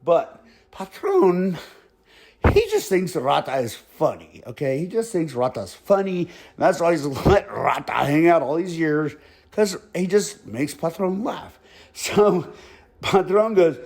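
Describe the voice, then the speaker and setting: Lively high-voiced male storyteller. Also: takes it slowly, gravelly. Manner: chuckles often, profane, casual. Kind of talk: comedic spoken storytelling.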